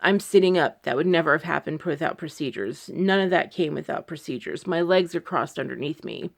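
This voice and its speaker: Deep-voiced and speaking a little fast with vocal fry, a woman vlogger talks to her followers in a personal video diary from her home. Anxious and close to tears, she rambles with many fillers.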